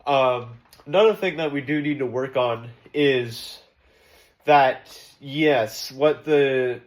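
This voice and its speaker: Casual male vlogger, rambling choir critique, lots of ums and restarts, nerdy enthusiasm, mid-pitched voice. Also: takes it slowly. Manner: rambling, many fillers and restarts; enthusiastic about music details. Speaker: choir member giving feedback. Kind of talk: casual spoken critique and explanation.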